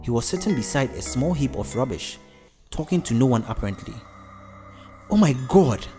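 Male narrator reading a story, steady and even, faint music behind. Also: medium pitch, fairly quick.

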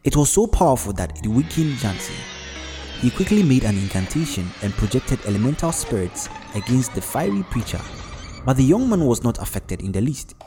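Male narrator, steady mid-range storybook read. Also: mid-range voice, brisk, music in the background. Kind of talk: storybook narration with character voices.

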